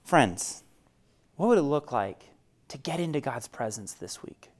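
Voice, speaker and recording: A man preaching a sermon as pastor. He speaks conversationally to his listeners and swings from loud emphasis to a hushed near-whisper. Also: medium pitch, expressive, a little slow.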